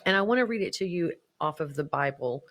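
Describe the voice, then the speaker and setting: A woman's voice: sits low, expressive, fast, fairly bright tone. A woman co-hosting a morning Christian talk show, chatting cheerfully and reading a devotional aloud. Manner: cheerful, reads scripture aloud. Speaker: co-host.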